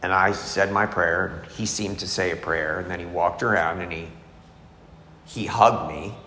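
A man's voice: sits low, unhurried, bright, forceful tone. A middle-aged man telling his recovery story in a candid, confessional way, as a speaker at a meeting. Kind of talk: personal testimony talk. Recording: echoey hall, faint noise.

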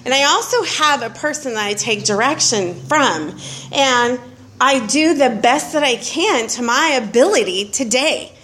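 A middle-aged woman speaking at a recovery meeting, telling her story candidly and profanely, with animated retellings and bursts of laughter. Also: high-pitched, a little slow.

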